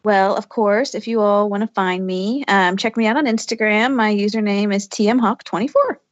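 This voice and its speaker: A woman's voice: mid-range voice, moderate pace, dry recording. Giggly co-host woman, dull dry audio. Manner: easygoing, giggly. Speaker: podcast co-host. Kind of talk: casual chat.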